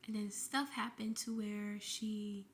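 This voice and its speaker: A woman's voice: medium pitch, fairly even intonation, takes it slowly, slight background noise. A woman vlogger telling an emotional personal story, shaken and grieving, in a breathless retelling with frequent swearing.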